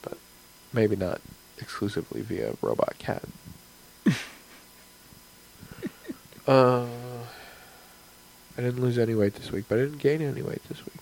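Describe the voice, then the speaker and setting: A man's voice: medium pitch, measured pace, vocal fry, pauses often, darkish tone, slight background noise, low-quality recording. A man, a game master and podcast host, talking in a rambling, chatty way about his game and his week. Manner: rambling, chatty, frequent fillers. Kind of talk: casual podcast chat.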